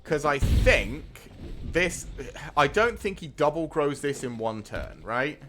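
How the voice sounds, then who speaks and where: A man's voice: fairly high pitch, very animated, slow, bright, forceful tone, slight background noise. British man chatting over a card game. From Britain. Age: 30s. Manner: chatty, talks to viewers while playing. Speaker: streamer. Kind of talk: casual gameplay commentary.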